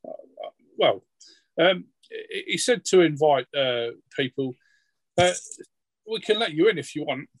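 A man voicing a polite male gate guard at a manor, courteous and hesitant, with many pauses and ums. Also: a little high, lively intonation, no echo.

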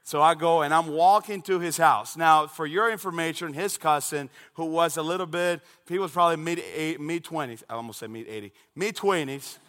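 A man from the Dominican Republic with a Dominican Spanish accent, a native Spanish speaker, preaching a sermon with animated storytelling in a church. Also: fairly high pitch, normal speed, hardly any pauses. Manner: animated storytelling with shouted imitations. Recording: long reverb of a large hall.

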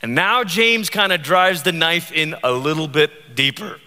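A man preaching a sermon as pastor, animated and joking, acting out the voices he quotes. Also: on the high side, a little slow, in a large hall.

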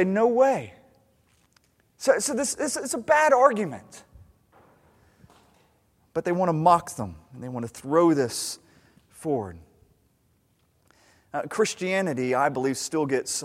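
A man preaching a sermon in a conversational way, often stammering and restarting his sentences. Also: high voice. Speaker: pastor. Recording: long hall reverb.

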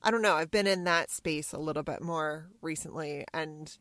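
A woman's voice: low-pitched, moderate pace, fairly bright tone, no room sound, clean studio sound. A woman co-hosting a podcast, playful and thinking aloud in casual chat. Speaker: podcast co-host.

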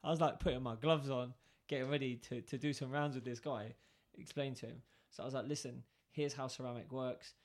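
A man's voice: medium pitch, brisk, few pauses. A man telling a workplace story in casual chat, acting out both sides of the conversation. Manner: animated, acts out both sides of dialogue.

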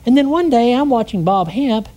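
A man preaching a conversational sermon, telling stories with lively energy and asking the congregation rhetorical questions. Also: very high-pitched, normal speed.

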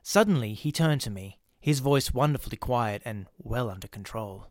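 A man narrating a ghost story in a measured, steady reading. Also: medium pitch, no room sound, clean studio sound.

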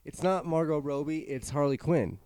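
A male podcast host in casual chat with a dark, mellow tone. He talks bluntly and shares his opinions openly, swearing freely. The sound is dry and close. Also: fairly high pitch, moderate pace, clear, resonant tone, dry recording.

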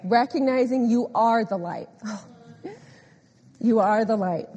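A woman preaching a sermon, animated and emphatic, repeating phrases and often laughing. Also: fairly high pitch, takes it slowly, slightly rough, highs cut off. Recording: echoey hall with long reverb.

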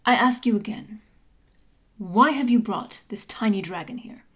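A woman's voice: mid-range voice, lively intonation, unhurried, fairly bright tone, slightly rough. A woman voicing a stern, formal human woman investigator in armor. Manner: cold, formal, clipped.

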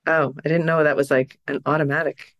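A woman co-hosting a podcast in casual chat, emotional and quick to laugh as she tells stories. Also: low-pitched, no echo, dull audio. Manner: emotional, laughs often, animated storyteller. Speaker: podcast co-host.

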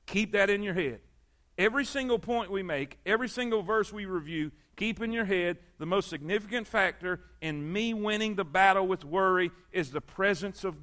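A man's voice: sits high, a bit bright. A man preaching a sermon as pastor, repeating phrases for emphasis and calling on his congregation for amens.

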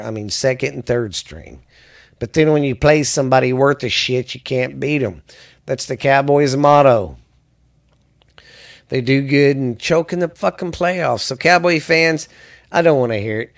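A man hosting a sports podcast, ranting angrily and rambling with lots of cursing. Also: medium pitch. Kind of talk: profane ranting commentary.

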